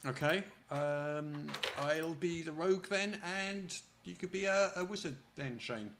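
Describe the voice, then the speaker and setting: A man hosting a casual live stream chat, chatty and quick to laugh. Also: a little high, a crowd in the background. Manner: chatty, laughs easily, restarts sentences. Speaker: host.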